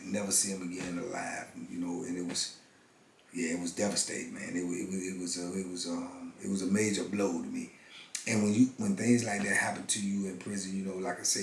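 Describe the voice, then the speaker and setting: A man in his fifties telling a personal story in a halting, earnest way, often restarting and checking in with his listener. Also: low-pitched. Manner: halting, earnest, many restarts and "you know what I'm saying". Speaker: formerly incarcerated channel host. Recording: roomy room with faint ambience.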